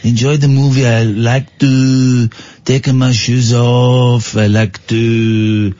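A man's voice: medium pitch, level tone, slow pace, warm tone, dry recording, dull audio, lightly acted. A man voicing a sleazy fake-French man chatting up a woman in a cinema, with a hammy mock French accent.

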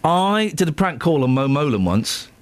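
A male radio host with a slightly high voice that swings widely in pitch as he spins jokey stories. He talks casually and animatedly, chatting on air with his co-host. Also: very animated, moderate pace.

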